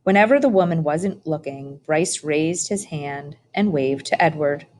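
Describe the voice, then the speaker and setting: Slow, low-voiced woman reading a storybook. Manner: calm, measured reading. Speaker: audiobook reader. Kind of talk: storybook narration.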